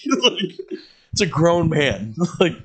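A man's voice: fairly high pitch, slow pace, slightly rough. A man co-hosting a podcast, telling crude workplace stories with lots of laughter and acted-out quotes. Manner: animated, profane, laughs often, acts out quotes. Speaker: podcast co-host. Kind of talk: crude casual storytelling.

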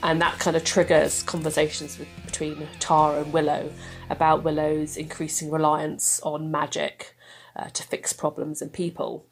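A woman's voice: sits low, completely flat delivery, moderate pace, faint music behind. A woman chatting enthusiastically as a guest, laughing often. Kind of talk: casual chat.

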